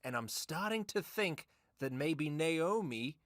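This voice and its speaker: A man's voice: on the high side, animated, slow pace, a bit bright, dry recording, studio quality, pitched above the performer's own voice. A man voicing a scheming male military advisor on the radio, asking conspiratorial, probing questions. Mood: suspicious.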